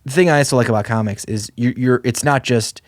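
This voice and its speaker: A man in his thirties co-hosting a podcast, talking in a loose, animated, rambling way with lots of fillers. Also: medium pitch, fast talker, dry recording, studio quality. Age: 30s. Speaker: podcast co-host. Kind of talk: casual chat.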